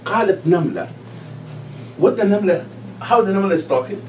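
A man's voice: high voice, lively intonation, rapid-fire, slight background noise. A middle-aged man, an imam, teaching a class on Quran recitation, quizzing his students and breaking into chanted verses. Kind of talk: lively classroom lesson.

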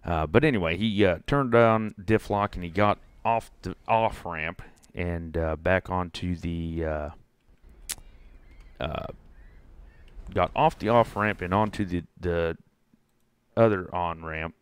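A man's voice: low-pitched, slow, pauses often, smooth, no room sound. A young man, chatting casually while playing a fishing game and rambling through a folksy story. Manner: rambling, folksy, lots of restarts. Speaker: gaming streamer. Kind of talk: casual gameplay commentary and storytelling.

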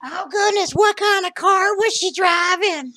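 A woman playing a slow, sweet-talking old lady. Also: very high voice, sharp tone, no echo, exaggerated voice. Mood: chatty sweet. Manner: drawling, calls him sweetheart and honey. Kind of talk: prank phone call role-play.

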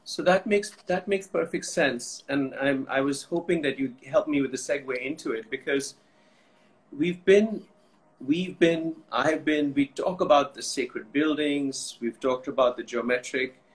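A man's voice: mid-range voice, rough recording. A man hosting a live chat, speaking conversationally and restarting his sentences as he goes. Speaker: host.

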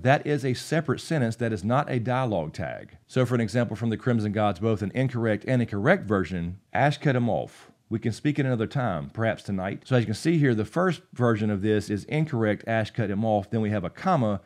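A man's voice: fairly low pitch, a little mellow. A young man hosting a writing channel, explaining dialogue punctuation in a casual, upbeat way and reading short example passages aloud. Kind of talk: instructional video talk.

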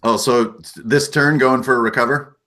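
A man's voice: mid-range voice, fairly even intonation, normal speed, pushed and bright. A man narrating as game master in an easygoing, conversational way, often hedging with "sort of" and "kind of".

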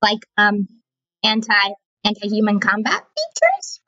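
A woman's voice: medium pitch, wildly swooping pitch, measured pace, sharp tone, no room sound, dull audio. Chatty young woman playing a game. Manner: playful, chatty, reacting aloud. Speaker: gaming channel host. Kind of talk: casual gameplay commentary.

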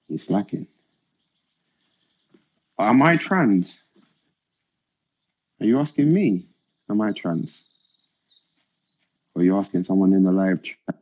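A young man, talking slowly in a husky voice. He banters on a live stream in heavy slang and repeats himself, with sing-song asides. The audio is dull and lo-fi. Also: low voice, very animated. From Britain.

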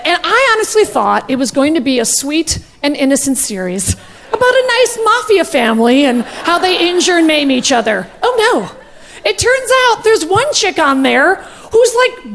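A woman's voice: very high voice, fairly bright tone, slight background noise. A woman in her forties doing brash, gossipy, profane stand-up comedy on a stage mic.

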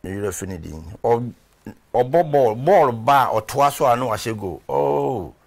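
A male reverend appears as a guest on a sports show. He tells rambling stories in a mid-pitched voice and pauses now and then to search for names. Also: expressive, creaky, a little mellow. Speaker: interview guest, reverend and former footballer. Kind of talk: conversational interview.

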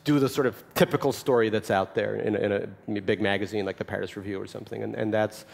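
A man's voice: lowish voice, steady tone, fast talker, vocal fry. A man in his forties, from Russia, answering audience questions at a festival talk with wry, self-mocking humor. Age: 40s. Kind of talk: live festival Q&A, joking.

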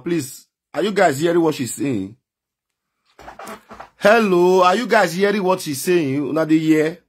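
A man with a Nigerian Pidgin accent hosting a live stream, loudly calling out to his viewers. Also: on the high side, measured pace, long pauses, breathy edge. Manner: calls out loudly to viewers, animated.

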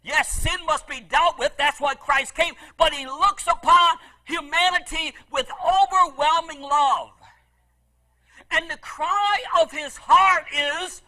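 Very high, bright-voiced preaching man. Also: slow pace, low-quality recording. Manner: impassioned preaching with repeated phrases; swings between loud emphasis and soft asides. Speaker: pastor. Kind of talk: sermon.

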